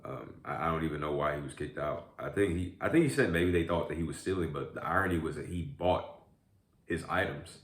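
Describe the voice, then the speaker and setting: A man's voice: extremely low pitch, fairly quick. A man vlogging casually while eating, telling a rambling story full of fillers like "like" and "you know". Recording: echoey room.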